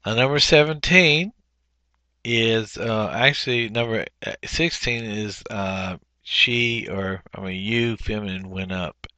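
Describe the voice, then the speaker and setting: A man with a bright, clear voice walks through workbook exercises one by one, pausing on fillers and correcting himself as he goes. He is recorded close up on a dry mic with no room sound. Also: on the low side, no echo. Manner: unhurried, explanatory, frequent fillers and self-corrections. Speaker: teacher. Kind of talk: workbook walkthrough lesson.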